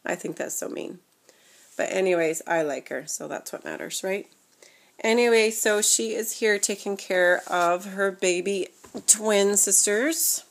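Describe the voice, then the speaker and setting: A woman's voice: medium pitch, a little slow, vocal fry. A young woman chatting casually as she shows her reborn doll collection, rambling with fillers and self-corrections. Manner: talks softly, sometimes dropping to a near whisper. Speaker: vlogger showing her reborn dolls. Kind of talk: casual chat.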